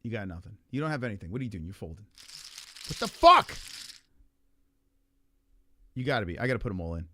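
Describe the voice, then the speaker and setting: A man's voice: lowish voice, animated, very fast, hardly any pauses. A man casually commentating his own poker game, taunting and swearing at his opponent. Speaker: podcast host playing poker.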